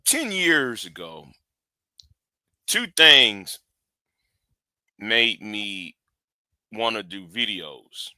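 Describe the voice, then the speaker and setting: A tired man hosting a casual live stream after work, rambling and halting with many fillers and restarts. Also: on the low side, sing-song, bright, forceful tone, dry recording.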